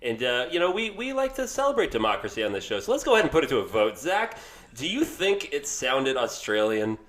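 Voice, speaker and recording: A man's voice: medium pitch, sing-song, brisk, fairly bright tone. A man co-hosting a podcast, joking playfully with mock-formal asides. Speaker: podcast co-host. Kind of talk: casual chat.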